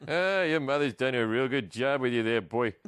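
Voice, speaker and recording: A man doing a quick impression of a chummy, know-it-all sitcom barfly. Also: mid-range voice, a bit bright, smooth, no room sound, clean studio sound, natural voice.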